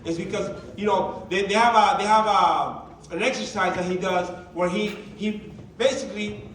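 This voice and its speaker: A man's voice: sits high, steady tone, moderate pace, fairly bright tone, slight background noise. A man presenting a motivational workshop to a live group, talking in a conversational, emphatic way and asking many rhetorical questions. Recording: echoey room, mic at a distance.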